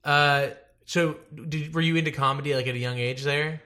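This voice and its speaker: A man hosting a podcast, hungover, reading an ad in a dry deadpan voice with joking asides, then chatting with a guest. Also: on the high side, moderate pace. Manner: dry, deadpan ad read with self-mocking asides. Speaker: podcast host. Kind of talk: casual podcast talk and ad read.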